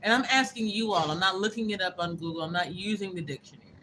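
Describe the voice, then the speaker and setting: A woman's voice: mid-range voice, fast, pushed and bright, a little hiss or hum, poor audio. A woman hosting a casual livestream, reading viewer comments aloud and answering them bluntly, with profanity and joking asides. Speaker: livestream host.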